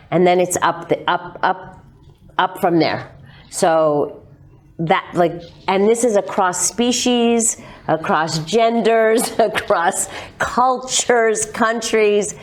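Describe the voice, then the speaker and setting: A woman therapist talking through relationship cases in conversation, explaining in quick animated bursts. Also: on the low side. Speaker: sex therapist, guest. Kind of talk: conversational discussion.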